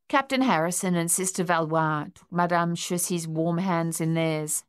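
A woman reading an audiobook in a measured, even storytelling delivery. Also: on the low side, clear, resonant tone, no echo, studio quality. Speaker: audiobook narrator. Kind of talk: scripted audiobook narration.

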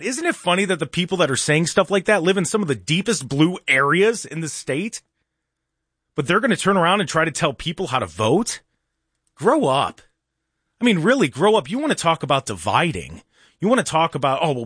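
A man hosting his own talk show, firing off sarcastic rhetorical questions in a combative monologue. His voice sits a touch high and swings widely in pitch. The sound is close and dry, with no room around it. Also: fairly bright tone, no room sound. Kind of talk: opinion monologue.

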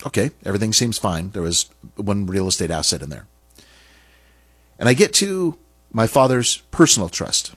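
Middle-aged man, husky low voice, dry close sound, earnest halting storyteller. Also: sing-song, no echo. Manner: earnest, halting, with restarts and pauses. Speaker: speaker sharing a personal story. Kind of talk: personal storytelling talk.

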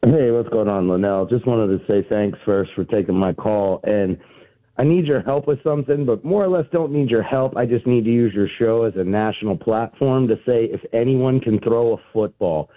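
A man's voice: fairly low pitch, moderate pace, no room sound. A man calling in to a sports radio show, wry and exasperated. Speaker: caller. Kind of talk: phone call-in chat. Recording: dry tinny phone line.

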